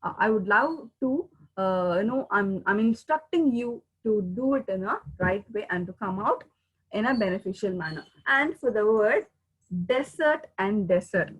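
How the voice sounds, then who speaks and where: Husky-voiced woman teaching pronunciation. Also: fairly high pitch, poor audio. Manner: earnest, repeats words to drill sounds. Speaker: English teacher. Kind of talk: recorded pronunciation lesson.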